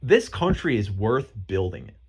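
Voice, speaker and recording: An American man hosting a podcast, chatting casually and telling stories with lively acted-out dialogue. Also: lowish voice, moderate pace, breathy edge. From United States. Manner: animated storyteller who acts out other people's lines. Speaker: podcast host. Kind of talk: casual chat.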